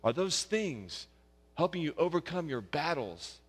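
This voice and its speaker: A man's voice: on the high side, very animated, measured pace, slightly rough. Preacher man in a reverberant hall. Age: young adult or middle-aged, a father of young kids. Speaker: pastor. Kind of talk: sermon.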